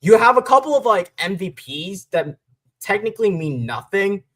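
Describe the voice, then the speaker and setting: A man's voice: high voice, very animated, moderate pace, fairly bright tone. Ranting man hosting a sports stream. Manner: ranting, frustrated, swears. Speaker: podcast host. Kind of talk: casual sports talk.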